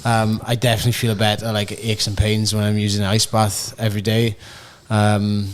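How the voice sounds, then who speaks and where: A man's voice: fairly low pitch, monotone, a little fast, slight background noise. A young man co-hosting a podcast, rambling with fillers and frequent swearing in casual chat. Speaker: podcast co-host.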